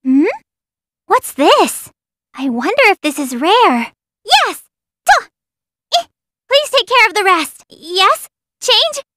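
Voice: extremely high pitch, sing-song, slow pace, pauses often, pushed and bright, no echo, heavily acted. A polite, stammering girl fighter. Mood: earnest. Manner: polite, stammering battle cries. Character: timid, eager young girl fighter. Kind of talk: game voice-line reading.

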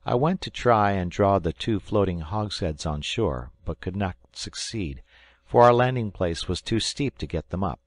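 A man giving measured, scripted narration of an audiobook. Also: sits low, animated, no echo. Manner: measured storytelling reading.

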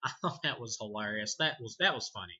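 A man's voice: on the low side, expressive, fast, sharp tone, slightly rough, dull audio. A man casually reviewing a movie, rambling, swearing and laughing often as he talks. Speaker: film reviewer.

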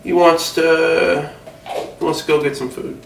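A man's voice: fairly high pitch, flat delivery, measured pace, gravelly, roomy sound, far from the mic, slight background noise, low-quality recording. A man playing a rambling, self-important older film mogul in a satirical mock interview, distracted and defensive.

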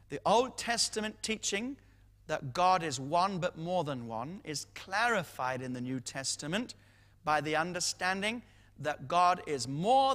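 A man's voice: sits high, fairly bright tone. A man giving a teaching sermon as a Bible teacher, emphatic and repeating key phrases for stress. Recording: long hall reverb.

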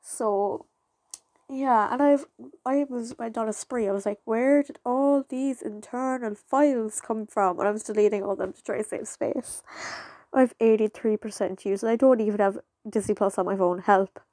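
Young woman vlogging, halting and rambling. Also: a little high, dark tone, no echo. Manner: rambling, halting, with many fillers and restarts. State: fighting back tears. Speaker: channel creator. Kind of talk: casual vlog talk to viewers.

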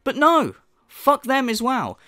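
A man's voice: very high-pitched, wildly swooping pitch, slow pace, bright, forceful tone, no room sound, studio quality. Sneering, profane man ranting. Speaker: commentary channel host. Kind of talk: ranting commentary.

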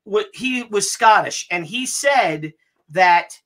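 Bright, excited man hosting. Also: sits high, slow. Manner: excited, teasing, keeps stalling with "hang on". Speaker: host. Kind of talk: casual family chat.

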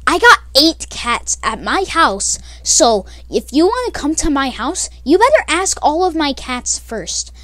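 A woman's voice: high voice, sing-song, unhurried, few pauses, sharp tone, no echo, exaggerated voice. A young woman mimicking a smug bragging girl. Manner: boastful, self-satisfied. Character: bragging, cat-obsessed girl classmate.

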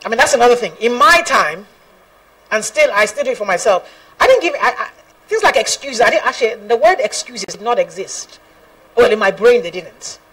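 A woman's voice: fairly high pitch, animated, a little fast, a bit bright, breathy edge, recorded from a distance, rough recording. A woman gospel singer giving an earnest personal testimony, laughing often and quoting scripture.

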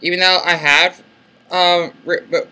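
A young American man in his late twenties with a squeaky, bright voice, speaking softly and hesitantly. He restarts sentences and fills pauses as he talks casually to his viewers. He is recorded through a laptop's built-in mic at home. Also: level tone, clear, resonant tone. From United States. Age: late 20s. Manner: soft-spoken and hesitant, with many restarts and fillers. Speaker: vlogger. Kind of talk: casual vlog monologue.

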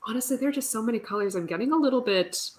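A woman's voice: on the high side, expressive, rapid-fire, noisy background. A woman teaching artist chatting casually while painting, self-deprecating and laughing often. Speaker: teaching artist doing a demo.

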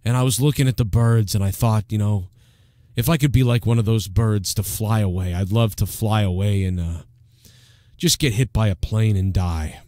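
A man doing a mocking impression of a gloomy, self-pitying male radio host who drones slowly. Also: fairly low pitch, dry recording, studio quality, voice pushed down, natural voice. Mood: despondent. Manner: droning, slow, despondent monotone.

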